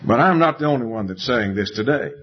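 A man preaching a sermon in a slow, deliberate way with emphatic rises. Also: medium pitch, expressive. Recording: dull lo-fi recording.

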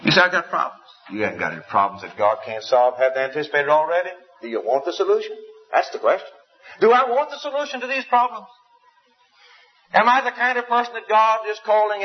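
A man's voice: high-pitched, lo-fi sound. A male preacher delivering an impassioned sermon, full of rhetorical questions and sweeping rises and falls.

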